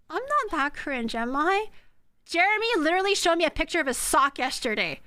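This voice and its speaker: Bright, high-voiced young woman streamer. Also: sing-song, moderate pace. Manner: playful, teasing, bursts into laughter. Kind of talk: casual live-stream chat while cooking. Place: home kitchen.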